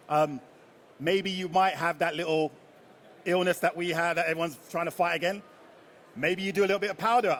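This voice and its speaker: On stage, a rum ambassador with a high, bright voice leads a live tasting, quizzing the crowd and cracking jokes. His loose, chatty delivery keeps the audience involved, with slight background noise.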